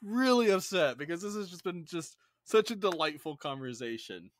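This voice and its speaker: A man's voice: high voice, expressive, moderate pace, no room sound. A man hosting a podcast, enthusiastic and rambling, swearing casually. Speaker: podcast host.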